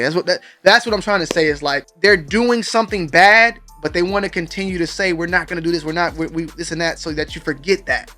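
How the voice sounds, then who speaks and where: The host of a sneaker news show, a man with a high-pitched, fairly bright voice, speaks directly to his viewers in a slangy, conversational way.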